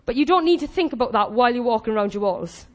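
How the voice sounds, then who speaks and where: A woman with a high, bright voice delivers a sermon in a lively, conversational way. She laughs often and slips into little acted voices for the people in her stories. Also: fast. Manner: animated, chatty, laughs often and acts out quoted voices. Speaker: preacher.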